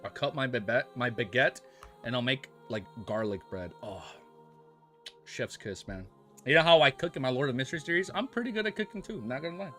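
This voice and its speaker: This man from the United States keeps things light with his live-stream viewers, joking, laughing frequently, and using mock-French phrases. His medium-pitched voice is brisk and a bit bright, with faint music behind him.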